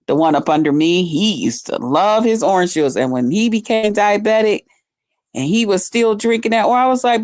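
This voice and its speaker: A woman's voice: on the low side, darkish tone, no echo, studio quality. A middle-aged woman chatting casually on a live stream, folksy and talkative. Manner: chatty, folksy, reads out viewer comments. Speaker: livestream host.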